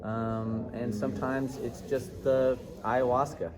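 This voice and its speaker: A middle-aged man, a showrunner, answering press questions with dry jokes and halting restarts. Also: mid-range voice, level tone. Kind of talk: press interview. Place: busy convention press room. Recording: crowded convention room noise. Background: crowd chatter.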